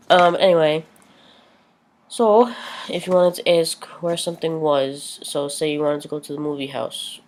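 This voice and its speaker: A woman giving a casual vlog lesson, chatty and full of ums, slowing down to repeat each new word. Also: low voice. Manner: chatty, many ums, slows down to spell out words. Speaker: language teacher.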